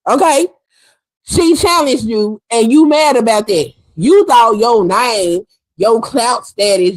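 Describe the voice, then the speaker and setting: A woman's voice: a little high, dry recording, poor audio. A woman hosting a livestream, delivering heated commentary in a fiery, sassy, emphatic way and repeating her points for effect. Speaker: livestream host.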